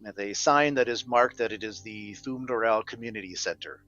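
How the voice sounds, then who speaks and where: A man's voice: lowish voice, normal speed, sharp tone, soft background music. Male game master, easygoing scene-setting, dull lo-fi sound. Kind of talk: narrating a tabletop game.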